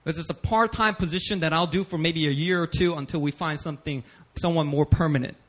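A man preaching a sermon as pastor, telling stories animatedly with bursts of shouting and laughter. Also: fairly high pitch, fast.

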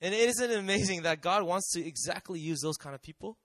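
A man's voice: high voice, brisk, fairly bright tone, no room sound. A man preaching a sermon in a conversational way, often asking the audience questions and acting out quotes.

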